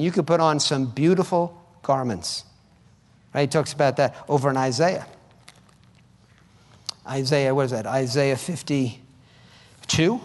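A man's voice: fairly high pitch, long reverb tail. A man preaching a sermon in an emphatic, conversational way, often repeating his phrases for effect.

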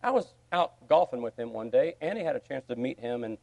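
A man preaching a sermon, telling a story with sudden swings from quiet asides to loud, excited bursts. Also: medium pitch, a little fast, gravelly. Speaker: pastor.

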